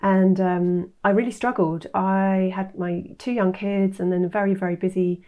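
A woman in her fifties, a nutritionist guest telling her story in an animated way, acting out quoted voices. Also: medium pitch, normal speed, phone-quality sound. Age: 50s. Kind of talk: interview storytelling.

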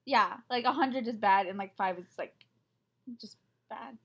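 A young woman co-hosting a podcast, reacting with teasing remarks and quick questions in casual chat. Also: on the high side, fairly bright tone, breathy edge, lo-fi sound. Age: young adult. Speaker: podcast co-host.

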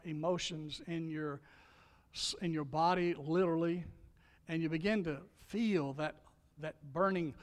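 A middle-aged man preaching a sermon as a pastor and chaplain, emphatic, asking the congregation questions, swinging between loud exhortation and soft hushed lines. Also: high voice. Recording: long reverb of a large hall.

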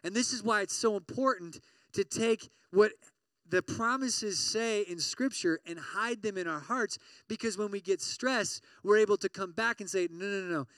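A male campus preacher with a high, bright voice gives a lively, conversational sermon. He keeps checking in with his listeners and sometimes bursts out loud as he acts out everyday worries. The sound is dry and close, with no room echo. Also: normal speed, far from the mic. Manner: animated, often checks in with "right?" and "okay?".

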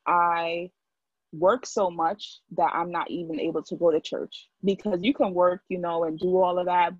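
A woman's voice: on the low side, darkish tone, husky, no room sound, highs cut off. A young woman talking in a casual chat, filling her speech with "like" as she tells her story. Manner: talkative, heavy use of "like". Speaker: guest.

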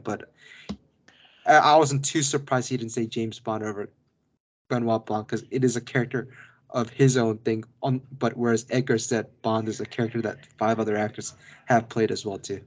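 A male podcast co-host talking through a film review in a loose, rambling way. He circles back on himself often, piling up asides as he goes. His voice sits at an ordinary middle pitch. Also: steady tone, moderate pace. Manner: rambling, with many restarts and asides. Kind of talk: casual film review chat.

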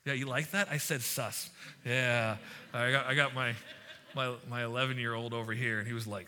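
A pastor in his thirties preaches to his congregation with a very bright, clear tone and a slightly high voice for a man. He talks casually, tells stories and slips into quick voices for the people in them. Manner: conversational and animated, with acted-out quotes and asides. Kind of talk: sermon.

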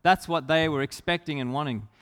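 Animated male preacher in a reverberant hall. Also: a little high, fairly quick, clean tone. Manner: animated retelling, shouting out the lines of the people in the story. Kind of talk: sermon retelling a Bible story.

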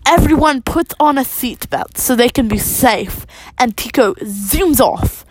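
Slow, careful woman reading a storybook aloud. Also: high-pitched, expressive, a little hiss or hum, rough recording. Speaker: reader.

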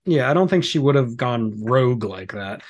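A man's voice: medium pitch, expressive, normal speed, lo-fi sound. A man co-hosting a podcast, chatting casually and agreeably about a TV episode, often chuckling. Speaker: podcast co-host. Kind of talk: casual TV recap chat.

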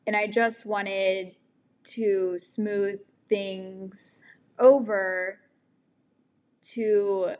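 A woman in her twenties talking candidly to camera about her relationships and self-love, frank and profane, laughing at herself. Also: on the high side. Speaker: vlogger. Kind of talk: candid personal storytelling to camera.

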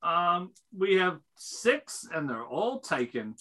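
A game master voicing a rugged middle-aged male innkeeper who stalls and calls people "mate", slow and bright-toned. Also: mid-range voice, big pitch swings, voice pushed up, exaggerated voice, rough recording. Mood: evasive. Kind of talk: tabletop role-play voice.

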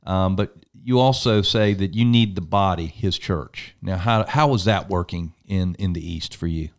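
Very deep-voiced man asking questions. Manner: conversational, halting questions. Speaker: host. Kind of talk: casual interview.

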